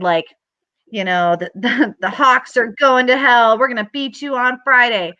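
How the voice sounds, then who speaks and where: A woman hosting an astrology show, chatting casually and telling animated stories with acted-out quotes. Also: on the low side, no echo. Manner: animated storytelling, acts out quotes in a rising voice.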